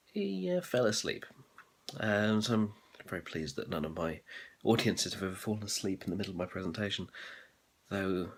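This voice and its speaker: A man's voice: deep voice, fairly bright tone, slight background noise. A man talking casually and thoughtfully about what he learned on his course, with frequent ums and uhs. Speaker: MBA student vlogger. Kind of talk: casual reflective monologue.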